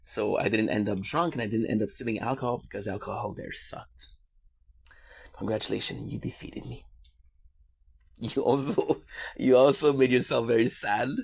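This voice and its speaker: A man's voice: mid-range voice, creaky, husky. A man from Quebec, Canada, in a casual streamer monologue, rambling on goofy side tangents with swearing and jokes.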